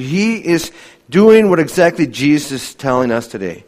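A pastor delivers a heartfelt sermon in a fairly high-pitched man's voice. He swings from soaring, urgent appeals down to near-whispered solemn moments. He speaks directly to the people in front of him. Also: expressive, normal speed, a little mellow. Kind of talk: evening sermon to a congregation.

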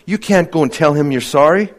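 A man preaching a sermon earnestly, asking many rhetorical questions and dropping to a hushed voice for emphasis. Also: a little high, fairly quick.

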